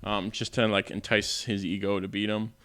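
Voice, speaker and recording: Male podcast co-host, low voice, loose filler-heavy movie chat. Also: little pitch movement, normal speed, fairly bright tone. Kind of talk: casual movie review chat.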